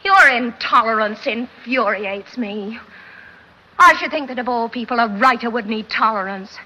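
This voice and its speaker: A woman's voice: on the high side, expressive, normal speed, sharp tone, dull audio, exaggerated voice. A spirited lecturing woman, old film. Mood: indignant. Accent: mid-Atlantic. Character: spirited woman scolding a professor. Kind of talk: classic film acting.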